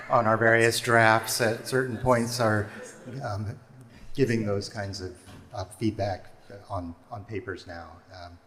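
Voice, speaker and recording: Slow-speaking man in a reverberant hall. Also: lowish voice, a bit bright. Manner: measured, hesitant with fillers. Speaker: panel moderator. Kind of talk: introducing speakers. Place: lecture hall. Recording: long hall reverb, faint noise.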